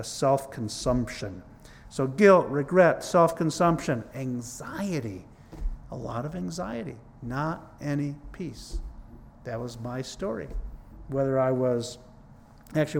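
A man's voice: mid-range voice, a little hiss or hum. Earnest conversational male preacher. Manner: conversational, earnest, repeats "it's like, whoa". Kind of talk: sermon with personal testimony.

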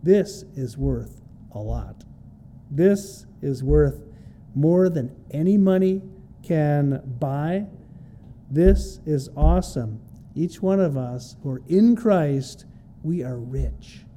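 Guy preaching a bible sermon, kinda high voice but really mellow, repeats stuff for emphasis. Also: expressive, slow pace, slight background noise. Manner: emphatic, repeats key phrases for stress; plain, conversational teaching with homely comparisons. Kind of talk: expository sermon on a Bible passage.

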